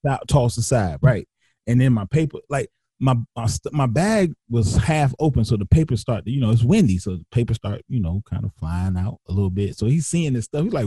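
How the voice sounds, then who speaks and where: A man tells a story in a husky, dark voice that leaps high whenever he acts out what others said. He keeps restarting sentences and slips into slang. The sound is close and dry, with no room around it. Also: animated, brisk, dry recording. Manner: acts out others' lines with big pitch jumps, frequent restarts and slang. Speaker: guest telling a personal story. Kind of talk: animated storytelling.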